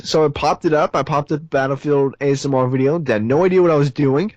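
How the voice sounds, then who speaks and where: A man talking as a guest in a casual interview, chatty and relaxed, telling stories with frequent restarts. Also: on the high side, fast talker, few pauses, dry recording. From Nashville, Tennessee.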